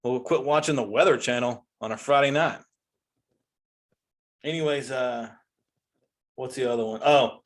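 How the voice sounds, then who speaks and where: A forty-three-year-old male comedian rants about common sayings, sounding exasperated and incredulous. His mid-range voice keeps a moderate pace, broken by long pauses.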